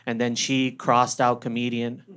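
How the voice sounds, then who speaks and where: A young Canadian man performing a stand-up comedy set, telling stories with a deadpan, punchy delivery. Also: medium pitch, unhurried, heavy background noise. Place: comedy club stage.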